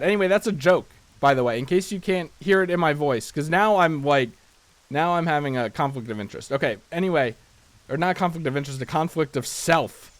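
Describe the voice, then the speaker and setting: A man with a somewhat high voice talks his way through a video game in casual commentary. He rambles, restarts his sentences and pokes fun at himself as he goes. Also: fairly bright tone. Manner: rambling, self-deprecating, chatty with frequent restarts. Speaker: let's play host.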